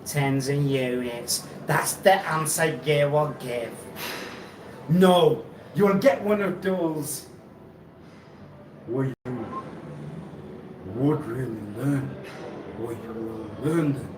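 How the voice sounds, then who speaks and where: A man hosting a live stream, rambling and halting, who repeats himself and laughs often. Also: mid-range voice, far from the mic. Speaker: livestream host. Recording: echoey room, off-mic, noisy ambience.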